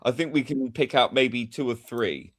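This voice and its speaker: A man's voice: medium pitch, normal speed, fairly bright tone, no room sound. A man from London with a southern English accent close to RP, chatting as a guest and laughing easily. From England, London. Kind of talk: casual chat.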